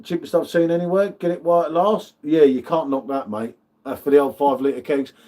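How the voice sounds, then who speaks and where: A man's voice: on the high side, steady tone, fairly quick, dark tone. A man hosting a live beer tasting, chatting casually with matey banter and greeting viewers by name. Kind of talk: casual live-stream chat.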